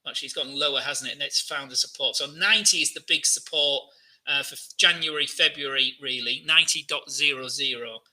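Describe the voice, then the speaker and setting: Bright-voiced chatty male market commentator. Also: medium pitch, a little fast, poor audio. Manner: chatty, many fillers, asks viewers questions. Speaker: market analyst hosting a live trading Q&A. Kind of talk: live-stream market commentary.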